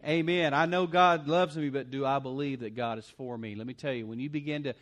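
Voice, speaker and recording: A man preaching a sermon as pastor, swinging between loud punchy lines and quiet asides. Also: mid-range voice, steady tone, brisk.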